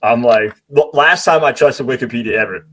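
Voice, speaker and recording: A man hosts a loose, friendly interview in a middle-pitched voice. He jokes around with his guest, tossing in "dude" and "bro," and swaps stories like an old friend would. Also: a little fast, a bit bright. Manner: chummy, jokey, says "dude" and "bro". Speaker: interviewer, host. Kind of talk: casual interview chat.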